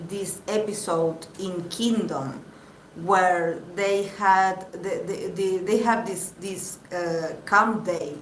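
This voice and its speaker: A woman giving a casual live tarot reading, chatty and halting with many fillers. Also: lowish voice. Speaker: tarot reader. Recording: echoey room with faint background noise.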